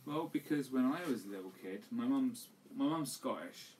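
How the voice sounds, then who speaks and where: A man's voice: medium pitch, lively intonation, moderate pace, a little mellow. Man, tipsy podcast co-host, rambling, swears, distant mic, faint room noise. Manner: rambling, swears, lots of fillers. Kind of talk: casual drunk chat. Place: home live stream.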